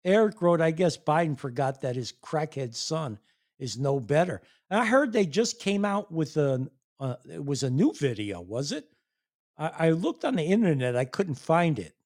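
A man's voice: a little high, sing-song, moderate pace, a little mellow. A man ranting angrily to his viewers, swearing a lot and laughing in disbelief. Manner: angry, profane, incredulous, laughs in disbelief. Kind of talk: profane political rant.

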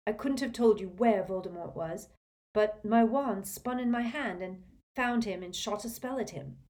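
A woman voicing a frustrated, stubborn teenage boy wizard in a storybook reading, in a tense, flat way. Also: mid-range voice, normal speed, voice pushed up, close to an everyday voice.

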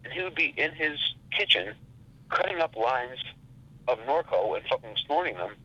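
A man telling a rambling story in a casual, profane and animated way. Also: mid-range voice, normal speed, highs cut off. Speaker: podcast guest.

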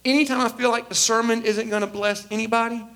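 This forties-aged pastor speaks fast as he shares a personal anecdote from the pulpit, animatedly performing each character's quoted lines. Throughout, his pitch remains high and bright.

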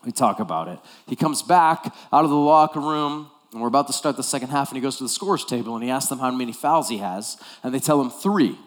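A male pastor preaching with lively storytelling, acting out the scenes in his story. His voice sits in a middle pitch. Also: quick pace, few pauses. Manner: animated storytelling, acts out scenes. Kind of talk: sermon.

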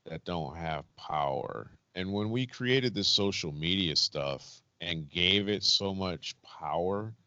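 A man co-hosting a podcast, talking things through calmly in casual chat. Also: low-pitched, takes it slowly, few pauses, lo-fi sound. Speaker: podcast co-host.

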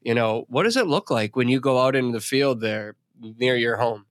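A man's voice: medium pitch, animated, moderate pace, dry recording, clean studio sound. A man from Minnesota hosting a podcast and interviewing a guest in a friendly, chatty way. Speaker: podcast host.

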